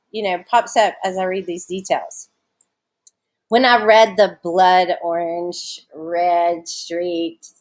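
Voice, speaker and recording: A woman teacher talks through a short story in a recorded online lesson. She speaks casually and chattily, with plenty of fillers. Her voice sits at an ordinary middle pitch.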